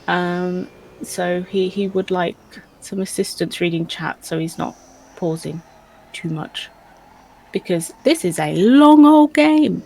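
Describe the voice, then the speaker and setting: A woman's voice: lowish voice, slow, creaky, darkish tone, poor audio. A woman co-hosting a live stream, reading out chat in a casual, giggly way with plenty of hesitations. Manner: giggly, hesitant, lots of ums.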